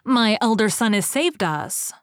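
A woman's voice: a little high, lively intonation, unhurried, no room sound, clean studio sound, pitched above the performer's own voice. A woman voicing a treacherous queen in a fairy tale read aloud, sly and falsely gracious. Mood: scheming. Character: scheming treacherous queen, middle-aged.

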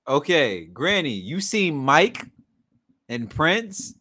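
Teasing man co-hosting a podcast. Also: medium pitch. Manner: teasing, animated, quick to interrupt. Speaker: podcast co-host. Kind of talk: casual sports podcast banter.

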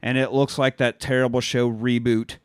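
A man in a casual comedy podcast, retelling a movie scene by scene and swearing freely. He jumps into quick mocking voices for the characters. His voice sits at an ordinary pitch, recorded close and dry with no room sound. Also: flat delivery, clear, resonant tone, no room sound. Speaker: podcast co-host recapping a film.

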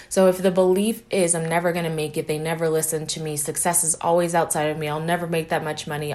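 Low-voiced woman podcast host coaching. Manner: chatty, reflective, coaching. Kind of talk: casual solo podcast monologue. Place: at home early morning, keeping voice down.

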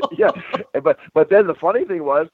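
A man's voice: high voice, unhurried, breathy edge, no echo. Older man telling stories over a tinny line. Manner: animated storyteller, says bro and man a lot. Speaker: guest, retired pro wrestler. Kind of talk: casual interview storytelling. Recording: tinny phone-like line, dry.

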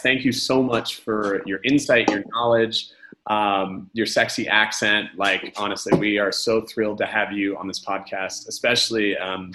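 A man's voice: on the low side, background noise. A man hosting a podcast, playful and upbeat, teasing his guest as he wraps up the show. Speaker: podcast host. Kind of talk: casual chat.

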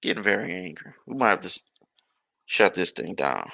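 Podcast host, male, gravelly and bright-toned, animated exasperated rant. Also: sits low, normal speed. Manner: animated, exasperated ranting with profanity and rhetorical questions. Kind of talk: casual ranting monologue.

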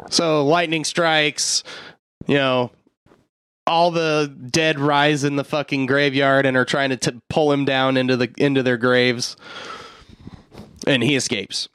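A man's voice: on the high side, fairly even intonation, a little slow, a bit bright, clean tone, no echo. A man co-hosting a podcast, retelling a film's plot in a loose, profane, joking way and slipping into quoted lines. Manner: loose, profane storytelling that jumps into quoted voices. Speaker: podcast co-host. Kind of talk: casual movie recap chat.

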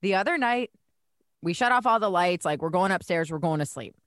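Animated woman with a lively voice. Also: lowish voice, brisk, no room sound, clean studio sound. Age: 30s. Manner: animated, exasperated storytelling. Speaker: podcast co-host. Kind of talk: casual chat.

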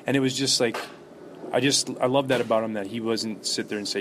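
A middle-aged man, a former ballplayer, telling stories in a relaxed interview with lots of fillers and restarts. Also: mid-range voice, fast talker, noisy background. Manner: animated anecdotes with many fillers and restarts. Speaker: former baseball player, guest.

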